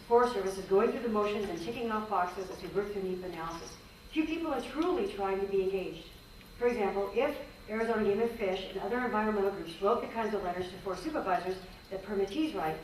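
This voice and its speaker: A woman, a former range conservationist, giving an earnest conference talk and answering questions, often restarting her sentences. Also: medium pitch. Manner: earnest, frank, with many restarts. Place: conference hall. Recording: echoey hall, distant mic, faint noise.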